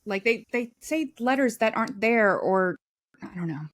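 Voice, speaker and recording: A woman's voice: a little high, expressive, normal speed, fairly bright tone. A woman co-hosting a podcast, chatting casually, laughing often and reading posts aloud. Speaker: podcast co-host.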